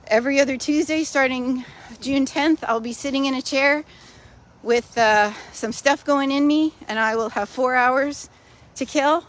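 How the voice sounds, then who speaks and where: A woman with a high-pitched voice records a casual personal video update at an unhurried pace. As a vlogger sharing personal news, she tells her story in a chatty, matter-of-fact way laced with wry humor.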